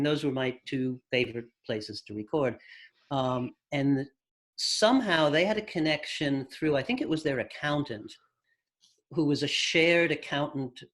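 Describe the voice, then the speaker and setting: A man, a record producer, guest on an interview, telling long anecdotes at an unhurried pace with thoughtful pauses. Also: mid-range voice. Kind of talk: casual storytelling interview.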